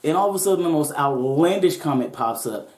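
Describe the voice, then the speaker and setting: A woman hosting a podcast shares a casual, profane story with joking side comments. Her voice is low and darkish with lively intonation and a slightly fast pace. The recording echoes like a roomy space and has a bit of hiss or hum.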